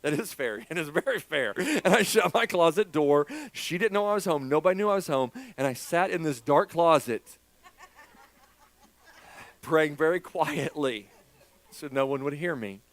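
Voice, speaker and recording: A man preaches to his church in an open, confessional way, poking fun at himself as he goes. His voice sits a little on the high side. The sound is dry, with little room echo. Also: expressive, moderate pace. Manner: candid, joking and self-deprecating, talking to a congregation. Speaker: pastor. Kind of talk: sermon.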